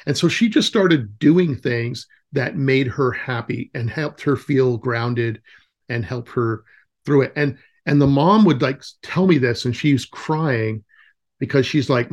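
A man in his forties, a nature camp director, telling stories as a guest in a casual interview, with lots of fillers and restarts. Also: medium pitch. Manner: rambling storytelling with many fillers and restarts.

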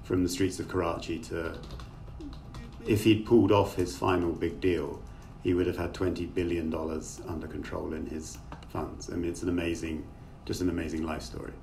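A middle-aged author, a guest in a conversational video-call interview, speaks in a deep, gravelly, darkish voice with a level tone and moderate pace. He's thoughtful and rambling, full of fillers. The remote call microphone sounds distant with faint noise.

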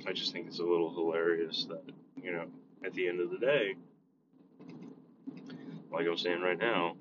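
Deep-voiced blunt man talking in a car. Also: flat delivery, moderate pace. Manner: blunt, swears freely. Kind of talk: casual rambling vlog. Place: inside a moving vehicle. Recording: dull lo-fi sound with road noise.

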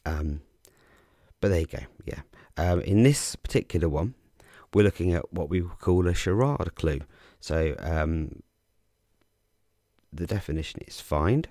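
Very deep gravelly man, casual. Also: unhurried, no echo, clean studio sound. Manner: relaxed, chatty, frequent ums and self-corrections. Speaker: podcast host explaining crossword clues. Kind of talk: casual explanatory talk.

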